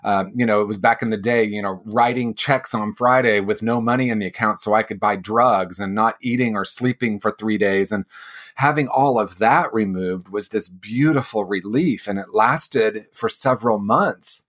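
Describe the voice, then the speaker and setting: A man's voice: lowish voice, normal speed, a bit bright. A man in his sixties speaking earnestly and personally as an interview guest, with occasional light laughs. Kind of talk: reflective interview answers.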